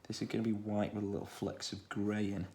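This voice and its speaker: A man with a Stoke-on-Trent accent, talking through a children's drawing tutorial in a relaxed way, thinking aloud as he draws. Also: lowish voice, brisk, slight background noise. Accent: Stoke-on-Trent English. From England. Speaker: art tutor.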